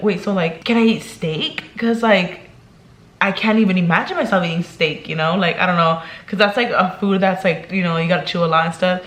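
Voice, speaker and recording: A woman's voice: lowish voice, a bit bright, roomy sound. A young woman vlogging in casual chat, talking chattily and emotionally, filling her talk with "like" and "girl".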